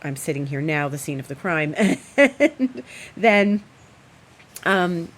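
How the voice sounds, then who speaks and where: A woman's voice: lowish voice, slow pace. Chatty woman astrologer telling a home story. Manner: animated, chatty, rambling with fillers. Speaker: astrologer host. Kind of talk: casual storytelling. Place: at home, indoors.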